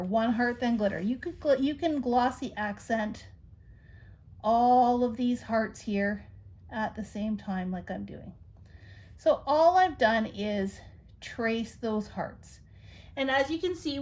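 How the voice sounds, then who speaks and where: A middle-aged woman hosting a craft tutorial, chatty and reassuring as she gives practical tips step by step. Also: on the high side.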